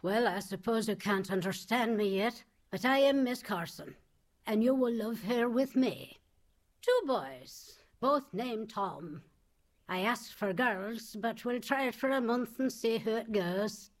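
Woman doing a no-nonsense scottish missionary lady, brisk and devout, radio drama. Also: on the high side, expressive. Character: stern pious Scottish woman missionary, middle-aged.

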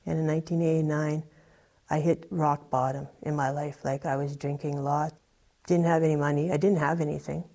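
A woman's voice: deep voice, little pitch movement, fairly quick, creaky, dark tone. A woman telling her personal testimony in an earnest, rambling way, full of "you know" and "like". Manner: earnest, rambling with many fillers. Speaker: testimony speaker.

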